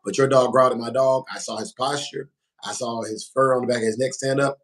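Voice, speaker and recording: A man's voice: mid-range voice, fairly even intonation, fairly quick, rough recording. A man hosting a casual livestream, talking in an emphatic, informal way and repeating phrases for emphasis. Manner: informal slangy speech. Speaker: livestream host.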